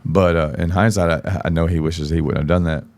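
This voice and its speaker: A deep-voiced man with a Southern accent spins a rowdy, profane tale as a podcast guest. His low voice has a gravelly, creaky edge, and he slips into the other people's voices as he quotes them. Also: fairly quick. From from Arkansas. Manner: profane, animated storyteller acting out quotes. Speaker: guest country singer. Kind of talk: casual storytelling on a podcast.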